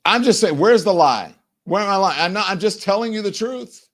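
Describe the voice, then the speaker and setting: A man's voice: high voice, expressive, fairly quick. A man hosting a live political commentary show, talking bluntly and indignantly and swearing freely. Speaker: show host.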